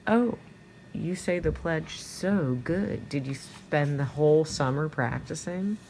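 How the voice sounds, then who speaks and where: A woman's voice: deep voice, takes it slowly, a little mellow, a little hiss or hum. Lady doing a mean seventh grade girl, mocking and snide, sing-songy. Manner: sneering, mocking.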